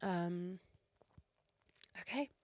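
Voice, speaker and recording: A woman's voice: lowish voice, very slow, a little mellow, no room sound. A woman hosting a solo podcast, speaking earnestly and encouragingly straight to her listeners while tearful. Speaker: podcast host.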